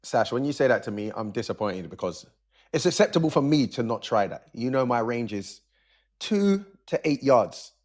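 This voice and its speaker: A man, a former player, chatting in a relaxed, joking way as a soccer analyst. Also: mid-range voice, moderate pace. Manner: laid-back, joking. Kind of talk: casual sports chat.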